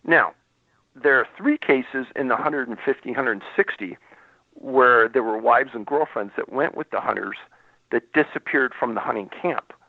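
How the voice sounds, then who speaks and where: A man's voice: medium pitch, moderate pace, gravelly, no echo. A man, a former law enforcement investigator, telling a story as a radio interview guest and acting out the dialogue. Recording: dry, tinny phone line.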